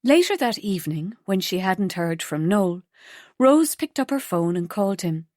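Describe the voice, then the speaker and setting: A woman reading a romance audiobook with an even, measured delivery. Her mid-pitched voice sits close and dry on a studio mic, with no room around it. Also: no room sound. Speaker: audiobook narrator. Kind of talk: scripted narration.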